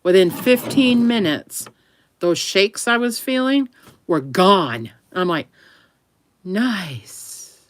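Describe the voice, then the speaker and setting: A woman's voice: medium pitch, animated, slow pace, dry recording. A woman talking to camera in a rambling, chatty way, often laughing. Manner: talks affectionately to her dog between remarks. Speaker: vlogger. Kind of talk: casual chat to camera.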